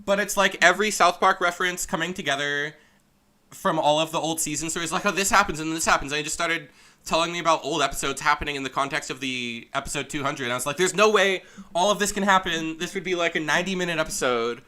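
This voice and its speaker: A man's voice: fairly high pitch, fast talker, pushed and bright. A young man streaming a game playthrough, chatting and rambling between lines and reading the characters' dialogue aloud. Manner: rambling, chatty, laughs often, voices characters loosely. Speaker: let's play streamer.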